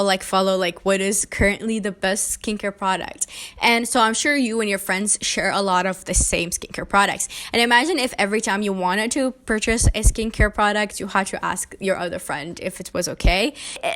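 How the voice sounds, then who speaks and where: Bright-voiced young woman vlogging. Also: medium pitch. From Arabic-speaking country. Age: young adult. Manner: chatty, frank, self-deprecating, with asides. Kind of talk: casual opinion vlog.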